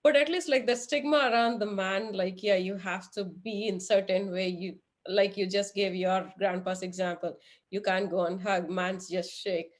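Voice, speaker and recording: A woman's voice: medium pitch, steady tone, moderate pace. A woman hosting a podcast, asking earnest, searching questions in a conversational way. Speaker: podcast host. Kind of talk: interview conversation.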